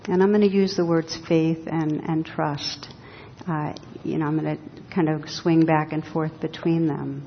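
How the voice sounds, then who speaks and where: A woman giving a dharma talk as a meditation teacher, speaking slowly and reflectively with touches of gentle humor. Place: hall with a live audience. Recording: reverberant hall, dull sound, faint rumble.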